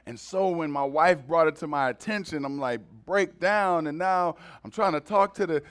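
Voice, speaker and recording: Conversational male preacher, slightly high voice. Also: normal speed, a bit bright, smooth. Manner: conversational preaching, repeats words for emphasis. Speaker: pastor. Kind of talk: sermon.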